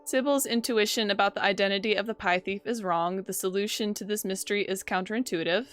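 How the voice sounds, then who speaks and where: A woman's voice: medium pitch, steady tone, fast, fairly bright tone, faint music behind. A woman doing casual gameplay commentary, wryly reading game text aloud. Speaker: game streamer.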